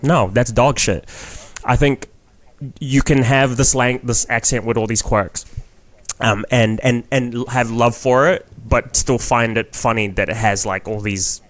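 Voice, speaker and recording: A man's voice: medium pitch, steady tone, a little slow. A young man with a New Zealand accent, a comedian guest on a podcast, talking frankly and rambling, swearing freely in casual chat.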